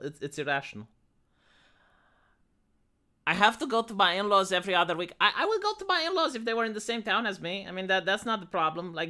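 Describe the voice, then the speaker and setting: Young man, live streamer, casual chat, blunt and profane, animated pitch, bright voice. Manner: blunt, swears a lot, answers chat.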